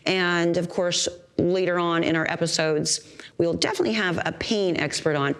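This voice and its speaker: A woman's voice: lowish voice, a bit bright. A woman hosting a talk show in a bubbly, enthusiastic pep-talk manner.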